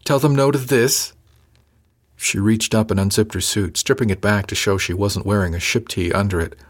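A man narrating a first-person novel in a measured, dry, even storytelling manner. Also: on the low side. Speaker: audiobook narrator.

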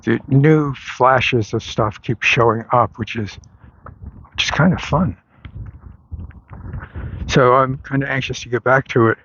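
A man's voice: mid-range voice, measured pace, pauses often, a bit bright, muffled recording, a little hiss or hum. A man in casual rambling talk while walking outdoors on a street, restarting his sentences and laughing wryly. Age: adult, long into adult life. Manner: rambling, self-correcting, wry laughs. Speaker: vlogger.

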